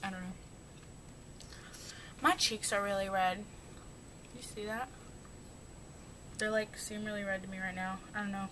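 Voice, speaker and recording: A young woman talks through her everyday makeup routine in a loose, rambling way, poking fun at herself as she goes. The home recording carries a clear background hiss with a low rumble. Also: steady tone, a little slow, long pauses, a bit bright, low-quality recording. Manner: chatty, rambling, self-mocking. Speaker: beauty vlogger. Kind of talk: casual makeup tutorial chat.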